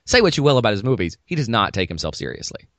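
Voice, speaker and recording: A man co-hosting a casual chat, riffing in an animated, sarcastic way. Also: on the low side, rapid-fire, dry recording.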